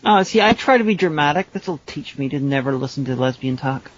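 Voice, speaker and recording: A man with an English accent co-hosting a podcast in casual chat, talking haltingly with ums and deliberate pauses. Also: a little high, lively intonation. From England. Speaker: podcast co-host. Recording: dry, somewhat dull lo-fi audio.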